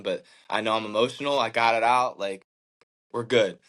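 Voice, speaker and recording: A man's voice: fairly low pitch, normal speed, a bit bright, rough recording. A man in his thirties, a professional athlete as interview guest, telling his story earnestly and reflectively, with many fillers like "like" and "man". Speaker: professional baseball pitcher, guest.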